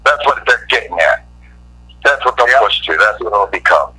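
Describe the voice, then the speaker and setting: A man's voice: on the low side, lively intonation, moderate pace, pushed and bright, husky. A man chatting bluntly as a co-host, calling in on a phone line.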